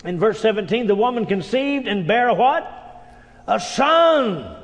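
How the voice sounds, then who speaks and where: Male pastor, high voice, storytelling sermon style, recorded in an echoing hall. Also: animated, moderate pace. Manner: folksy storytelling preacher, frequent amens.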